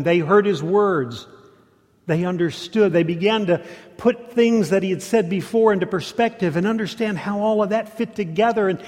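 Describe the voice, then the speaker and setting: Storytelling preacher in a reverberant hall. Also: male voice, sits high. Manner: animated storytelling with repetitions. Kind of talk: sermon.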